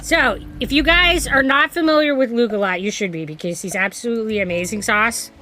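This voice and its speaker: A woman's voice: fairly high pitch, brisk, sharp tone, soft background music. A woman game streamer in casual live-stream chat, giggling often and stammering when flustered.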